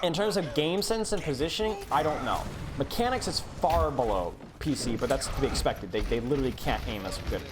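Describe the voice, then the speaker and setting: A man's voice: mid-range voice, expressive, a little fast, hardly any pauses, noisy background. A man coaching a player through a replay on a live stream, blunt and exasperated, repeating his urging.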